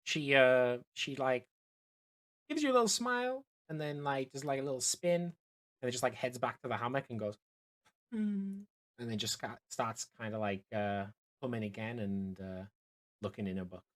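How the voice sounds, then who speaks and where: A man's voice: medium pitch, moderate pace, a bit bright. Man game master, mid-range voice, loose rambling narration with restarts. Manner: rambling, with many fillers and restarts. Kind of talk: narrating a tabletop game over voice chat.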